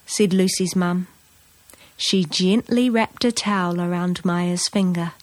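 Woman reading a kids book out loud, slow and clear, mid pitch, dry sound. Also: no room sound. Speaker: narrator. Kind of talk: reading a children's picture book aloud.

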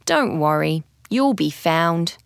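A woman's voice: low voice, expressive, slow pace, creaky, clean tone, no room sound, studio quality, exaggerated voice. A woman voicing an eager, helpful young boy in a storybook reading.

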